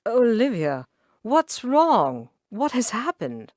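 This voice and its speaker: A woman reading an audiobook, voicing a grave, patient gentleman suitor in a lower, calm and firm voice. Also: takes it slowly, no echo, studio quality, full character voice.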